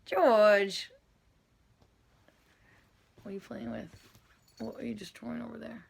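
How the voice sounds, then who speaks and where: A woman's voice: on the high side, steady tone, brisk, creaky, dark tone, husky. A woman vlogging casually at home, calling to her cat in sing-song, coaxing baby talk.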